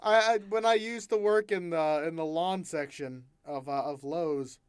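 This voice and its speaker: A woman's voice: on the low side, normal speed, smooth, no echo, clean studio sound. A woman with a Southern US accent hosting a casual chat, joking around and stumbling over her words. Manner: stammering restarts, joking. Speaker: podcast host.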